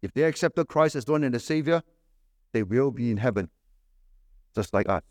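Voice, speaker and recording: A man preaching a sermon, emphatic, with rhetorical questions and sharp swings between raised stresses and low dropped endings. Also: expressive, moderate pace, dry recording, clean studio sound.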